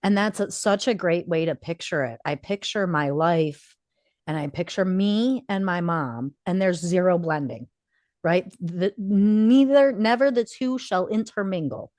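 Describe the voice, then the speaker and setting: A woman's voice: lowish voice, unhurried, a little mellow, no room sound. A woman in her forties co-hosting a podcast, telling a personal story with feeling and acting out quoted dialogue. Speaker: podcast co-host. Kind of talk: casual podcast conversation.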